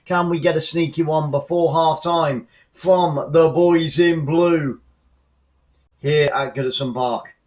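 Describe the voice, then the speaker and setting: A man watching a football match remotely at home hosts a live fan stream, talking slowly in a slightly high voice. His casual commentary drifts into chatty tangents and grows excitable during intense play, all on dull-sounding audio.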